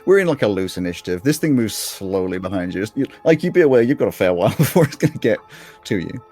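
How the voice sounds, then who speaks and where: A man narrating as game master, easygoing and relaxed, with plenty of fillers. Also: lowish voice, fast, soft background music.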